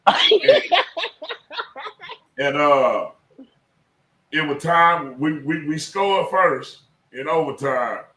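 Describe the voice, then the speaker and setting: Animated ex-coach, bright voice. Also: male voice, fairly high pitch, slow, a little hiss or hum. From South Dallas, Texas. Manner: animated, emphatic, profane. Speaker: former high school football coach. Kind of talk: casual podcast storytelling. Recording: echoey room, voice a bit far from mic.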